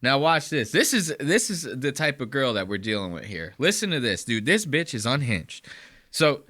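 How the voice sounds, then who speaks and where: A man's voice: mid-range voice, very animated, moderate pace, bright, forceful tone. A man hosting a podcast, reacting to clips with profane, incredulous rants. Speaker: podcast host.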